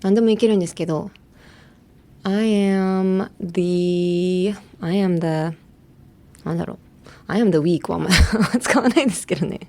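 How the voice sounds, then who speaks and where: This woman's voice sits on the low side and carries a warm tone. She's chatty and quick to laugh in a casual bilingual English lesson on a podcast, moving back and forth between English and Japanese.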